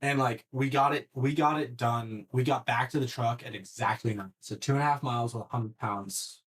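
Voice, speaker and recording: At normal speed and medium pitch, a man tells an energetic story on a laid-back podcast, swearing freely. His sentences frequently break off and begin again.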